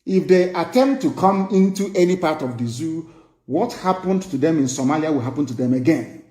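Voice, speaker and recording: A man's voice: on the high side, lively intonation, moderate pace, mellow. Impassioned Nigerian man, echoey room. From southeastern Nigeria. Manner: impassioned, scornful, repeats phrases for emphasis. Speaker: broadcaster addressing followers. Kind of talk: live political broadcast.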